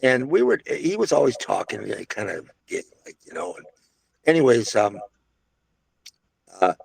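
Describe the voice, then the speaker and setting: A man's voice: medium pitch, very animated, a little slow, gravelly, husky. An older man reminiscing casually about his restaurant days, a rambling storyteller full of restarts and asides. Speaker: interviewee recalling restaurant days.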